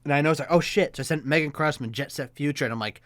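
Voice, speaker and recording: A man's voice: fairly high pitch, racing, fairly bright tone, dry recording. Male podcast co-host, casual and crude, laughs a lot, dry close mic. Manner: laughs often, crude and joking.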